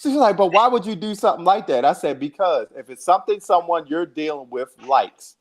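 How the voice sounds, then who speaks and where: A man co-hosting a podcast, telling dating stories in a rambling, profane, animated way. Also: fairly high pitch, brisk. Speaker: podcast co-host. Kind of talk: casual chat, storytelling.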